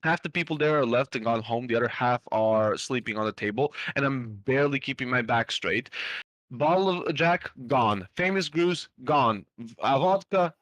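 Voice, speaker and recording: A man's voice: mid-range voice, expressive, moderate pace, a bit bright, dry recording. A young man telling a long story on a podcast in a loose, rambling way, with lots of fillers and casual swearing. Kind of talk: casual storytelling among friends.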